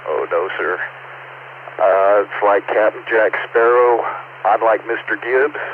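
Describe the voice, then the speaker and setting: Low-voiced Texan man on radio. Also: slow. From Texas. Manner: easygoing, rambling. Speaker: caller. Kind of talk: ham radio check-in. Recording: tinny radio transmission with faint noise.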